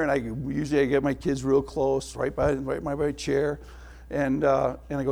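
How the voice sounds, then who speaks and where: A middle-aged male pastor giving a sermon, telling family stories with laughs and dropping to a hushed tone for prayer. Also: medium pitch, fairly even intonation, brisk, creaky, breathy edge.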